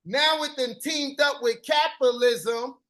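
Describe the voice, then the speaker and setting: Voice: high-pitched, a little slow, fairly bright tone. A live-stream host performing spoken-word poetry in a rhythmic, chanted delivery with repeated refrains.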